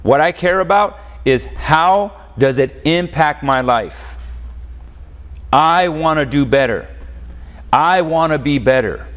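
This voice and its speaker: A man's voice: fairly high pitch, animated, slow, a bit bright. A man preaching a sermon as pastor, asking the congregation questions and having them answer back. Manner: call-and-response preaching, rhetorical questions. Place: church. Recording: long church reverb.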